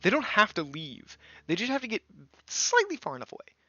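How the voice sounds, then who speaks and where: A man's voice: high-pitched, huge pitch swings, a little fast, sharp tone, no room sound, dull audio. A man ranting angrily in a gaming commentary video, blunt and full of profanity.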